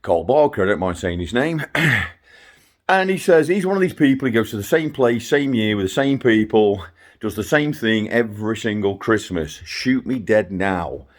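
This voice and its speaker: Middle-aged dad giving a rambling, ranting video update, lively and up-and-down in pitch. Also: male voice, normal speed. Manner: ranting, chatty, self-interrupting with laughs and asides. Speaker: father vlogging to his sons.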